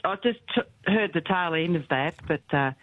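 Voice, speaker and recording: A woman phones in to a radio show, speaking briskly with a few fillers. Her voice comes through a tinny, dry phone line. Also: on the low side, lively intonation, no echo. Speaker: caller and correspondent. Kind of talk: phone-in talkback.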